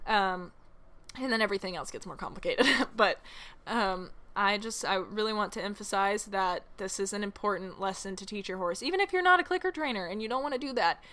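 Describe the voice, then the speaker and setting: A woman's voice: mid-range voice, pushed and bright, clear, resonant tone. A woman hosting a solo podcast, teaching horse training in a chatty way, laughing often and making self-mocking asides.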